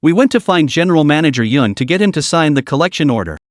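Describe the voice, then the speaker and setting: A man's voice: fairly high pitch, animated, quick pace, no room sound, clean studio sound, natural voice. A man voicing a timid young male employee who explains himself fearfully in a story recap. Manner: fearful, stammering.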